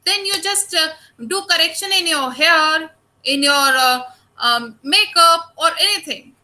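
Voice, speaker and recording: A woman teacher with an Indian English accent giving an online lecture, explaining slowly and addressing her students often. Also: very high voice, pushed and bright, low-quality recording.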